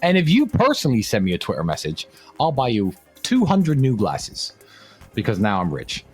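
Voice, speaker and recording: A man's voice: mid-range voice, normal speed, husky, faint music behind. A man from England, a podcast host, telling a casual story and acting out the quotes with gusto. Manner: animated storyteller, acts out quotes.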